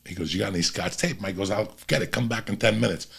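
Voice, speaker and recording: A middle-aged man with a deep gravel in his voice and a husky, rough edge, hosting a podcast from a studio. He tells profane street stories in casual chat, often sinking low and quiet as he draws listeners in. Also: fast talker. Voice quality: gravelly, raspy. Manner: profane, drops low and quiet when storytelling. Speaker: podcast host.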